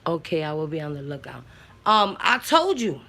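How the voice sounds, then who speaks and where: A woman from the Bronx, a mother and aunt talking bluntly about parenting, profane and animated. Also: low-pitched, normal speed. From the Bronx, New York. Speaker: mother and aunt sharing opinions. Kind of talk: casual talk.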